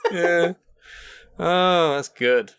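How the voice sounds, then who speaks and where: A man's voice: fairly high pitch, extremely slow, fairly bright tone, clean tone, no echo. A man co-hosting a casual podcast chat, making dry, profane jokes. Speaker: podcast co-host.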